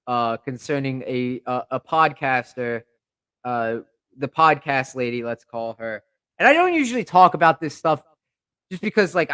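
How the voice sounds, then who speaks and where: A young man rants on his podcast in a high, bright voice, indignant and fired up, looping back over his points. He speaks close into a podcast microphone, and the sound is dry and close. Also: no room sound. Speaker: podcast host. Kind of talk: heated podcast rant.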